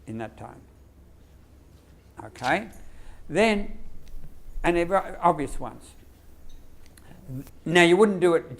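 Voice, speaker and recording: A man with an Australian accent giving a lively workshop lecture to teachers, quizzing the audience and acting out classroom phrases. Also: a little high, unhurried, creaky, pauses often. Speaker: lecturer on behaviour management.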